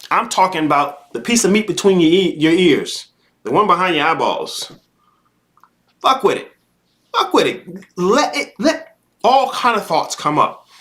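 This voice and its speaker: A man with a high, lively voice delivers a live-stream motivational monologue. He hammers his points with repetition, swearing and sermon-like emphasis, leaping all over his range as he coaches. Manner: emphatic, repetitive and profane, preachy. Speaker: life coach host.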